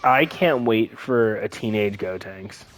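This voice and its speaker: A man's voice: lowish voice, slow pace, soft background music. A young man chatting casually as a gaming co-host, telling an anecdote and acting out the quoted voices. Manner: animated storyteller, acting out quotes. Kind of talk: casual chat.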